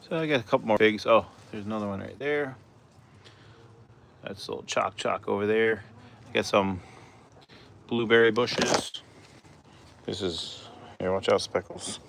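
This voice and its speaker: A man filming his backyard chickens on a handheld phone, chatting in a relaxed, rambling way and talking to his hens outdoors. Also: lowish voice, unhurried, gravelly, long pauses, a little hiss or hum. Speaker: backyard chicken keeper, vlogger. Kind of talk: casual walk-and-talk vlog. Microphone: handheld phone camera.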